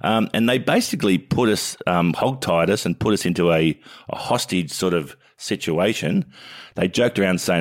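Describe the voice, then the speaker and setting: A very low-pitched man with an Australian accent talks sport in a loose, casual podcast chat. He speaks bluntly and laughs his way through his stories. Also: normal speed. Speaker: sports podcast co-host, former cricketer.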